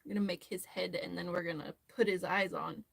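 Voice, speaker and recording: A woman's voice: on the low side, steady tone, fairly quick, creaky, slightly rough. A woman hosting a crochet tutorial, chatting casually and rambling as she works, laughing often. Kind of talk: casual chat while crocheting.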